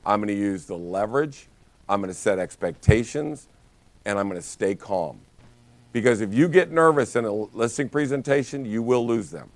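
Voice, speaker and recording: A man's voice: mid-range voice, no room sound. A man teaching a real estate training session, telling stories with lots of energy and frequent restarts. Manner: energetic storytelling with many restarts. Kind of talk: live training talk.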